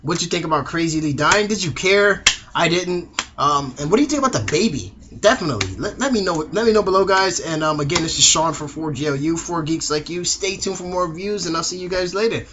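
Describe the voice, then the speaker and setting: A man's voice: a little high, lively intonation, brisk, noisy background. A young man reviewing a TV episode in a casual, slangy way, acting out the characters' lines.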